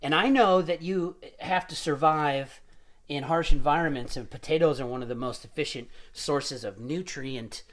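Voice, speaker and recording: A man's voice: on the high side, normal speed. A man hosting a casual home cooking show, chatting and joking as he cooks. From Irish family roots. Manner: jokey, rambling, chatty. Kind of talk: casual live-stream cooking demo.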